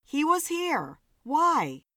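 A woman's voice: high voice, wildly swooping pitch, very slow, sharp tone, no echo, studio quality, pitched above the performer's own voice, heavily acted. A woman doing a blunt, weary bartender.

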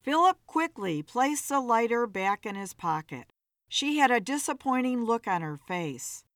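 A woman narrating an audiobook story in a plain, steady manner. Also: on the high side, measured pace, no echo, studio quality.

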